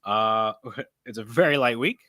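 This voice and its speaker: A man's voice: mid-range voice, measured pace, sharp tone, no room sound, clean studio sound. A man hosting a casual live-stream chat in a comic book store, rambling and correcting himself, with a slightly froggy voice. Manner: rambling, self-correcting, laughs often. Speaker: host.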